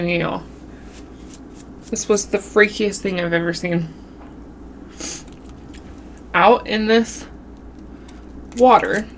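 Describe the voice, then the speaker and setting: A woman vlogger casually telling a spooky story while eating, with a runny nose and an animated, drawn-out way of talking. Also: medium pitch, slight background noise. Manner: animated storytelling with southern-style "y'all". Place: home, eating on camera.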